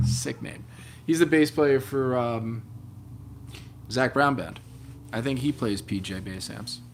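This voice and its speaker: A man's voice: slow, creaky, pauses often, a little hiss or hum. A man in his late thirties hosting a live stream, chatting casually in a rambling, laid-back way with plenty of swearing. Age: 30s. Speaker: livestream host, bassist. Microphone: open-air room mic. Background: loud bass playing.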